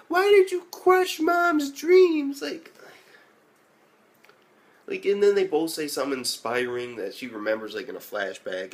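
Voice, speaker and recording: A man giving a casual spoken anime episode review, rambling and swearing heavily with lots of "like" fillers. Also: medium pitch.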